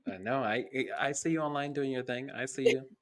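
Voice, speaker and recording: A man's voice: mid-range voice, steady tone, fairly quick. A man hosting a podcast, asking questions and giving short casual replies. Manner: brief backchannel replies. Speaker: podcast host. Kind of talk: casual interview chat.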